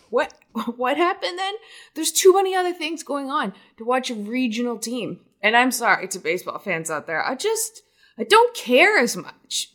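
Woman co-host, bright tone, animated rambling sports chat. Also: mid-range voice. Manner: animated, rambling, self-deprecating. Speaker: podcast co-host. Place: New York City.

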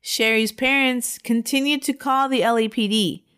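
A woman's voice: fairly high pitch, fairly even intonation, normal speed, a bit bright, smooth. A woman podcast host recounting a true crime case in a conversational way, laughing now and then.

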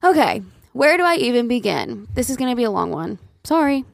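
A woman's voice: fairly high pitch, very animated, a little fast, creaky, dry recording, clean studio sound. A young woman co-hosting a podcast in casual chat, talking in a chatty, filler-heavy way with lots of "like" and casual swearing. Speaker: podcast co-host.

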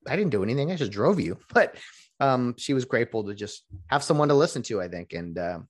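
A man who works as a rideshare driver, talking casually in a rambling vlog monologue. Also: fast talker. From California. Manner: rambling, restarts often, lively pitch.

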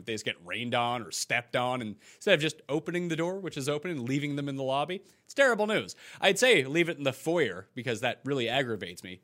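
A man hosting a fantasy football podcast, energetic and joking, with emphatic delivery. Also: medium pitch. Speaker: podcast host.

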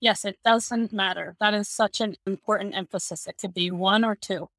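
Woman telling a story, animated and laughing. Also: mid-range voice, moderate pace, no room sound. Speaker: podcast guest, communications manager. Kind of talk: conversational storytelling.

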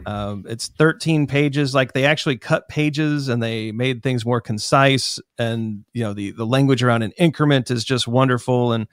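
A man co-hosting a podcast, giving his opinions in a conversational way with lively asides. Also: medium pitch, normal speed, hardly any pauses, no echo, clean studio sound. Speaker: podcast co-host. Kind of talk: casual chat.

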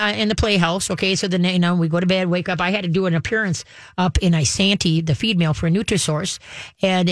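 A woman's voice: lowish voice, dry recording. Midwestern lady rambling thru a story, lots of um and you know, dry close sound. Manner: rambling, many fillers and restarts. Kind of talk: casual storytelling.

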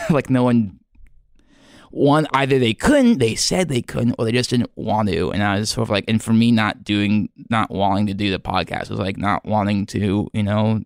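A man hosting a podcast in a rambling comedic monologue, halting and earnest, full of fillers and restarts, sounding self-doubting. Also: fairly low pitch, smooth, no echo, clean studio sound. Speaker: podcast host.

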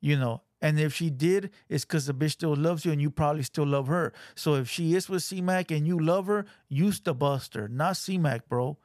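A man's voice: on the high side, moderate pace, few pauses, darkish tone, no room sound, clean studio sound. A man hosting a reaction show, talking in blunt, profane, scolding casual commentary.

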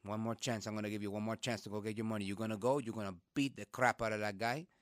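A man voicing his quiet, stern father in an anecdote, speaking low, firm and clipped. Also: fairly even intonation, fast talker, no room sound, studio quality, lightly acted.

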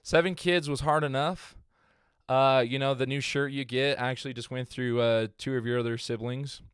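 A man hosts a podcast in a loose, rambling way, full of "um"s and "like"s. His voice is smooth and clear and sits at an ordinary pitch. The sound is close and dry, with no room ring. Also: steady tone, normal speed, no room sound. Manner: rambling, filler-heavy, laughs at own jokes. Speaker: podcast host. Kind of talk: casual storytelling chat.

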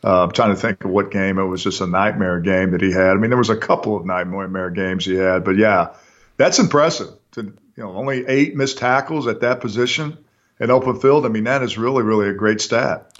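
A man's voice: lowish voice, fairly quick. A man co-hosting a casual sports talk show, easygoing and thinking aloud as he talks. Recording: dull lo-fi sound.

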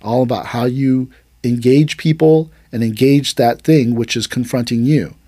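Unhurried and slightly rough, a man's medium-pitched voice carries a story on the martial arts podcast he hosts as an aikido instructor. He chats casually and acts out the quotes with animation, in studio quality with no echo.

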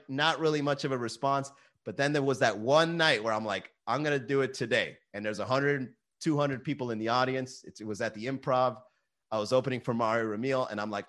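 A man hosting his own daily livestream as a comedian, swearing often and reading viewer comments aloud. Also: mid-range voice. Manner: animated, swears often, reads chat aloud. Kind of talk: profane casual livestream chat.

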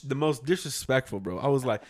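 A man's voice: mid-range voice, brisk. A young man co-hosting a casual podcast chat, telling a story with lots of swearing and acted-out quotes. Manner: animated, profane, acts out quotes. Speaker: podcast co-host.

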